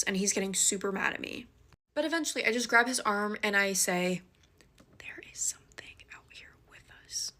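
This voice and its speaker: A young woman telling a personal story in a casual, animated way, racing through some parts and slowing down for emphasis, recorded close on a phone. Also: medium pitch. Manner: animated and dramatic, shifting between fast rushes and slow emphasis.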